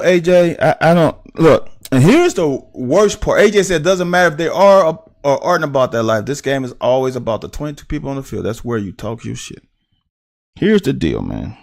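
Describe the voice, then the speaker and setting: Animated man breaking down football film. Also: mid-range voice. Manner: animated storytelling, profane, quick laughs. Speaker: football analyst. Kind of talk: casual film-breakdown talk.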